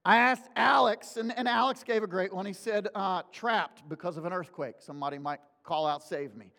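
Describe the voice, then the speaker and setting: A man preaching a sermon to his congregation, telling stories in an animated way. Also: high-pitched, normal speed, gravelly. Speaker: pastor. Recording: long hall reverb.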